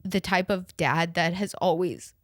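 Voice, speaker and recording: A woman's voice: on the low side, measured pace, no echo. A woman in her late twenties hosting a podcast, chatting casually about her family, rambling with lots of "like" and casual swearing, close to tears. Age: late 20s. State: emotional, near tears. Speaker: podcast host. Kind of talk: casual personal chat.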